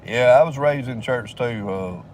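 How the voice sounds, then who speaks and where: A man's voice: mid-range voice, measured pace, a little mellow, recorded from a distance, a little hiss or hum. An older man, telling a rambling, profane story in a casual drawl and laughing between lines. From southern United States.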